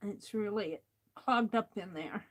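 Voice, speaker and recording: A woman hosting a craft livestream, thinking aloud in a slow, musing way as she works. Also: mid-range voice. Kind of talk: casual talk while crafting.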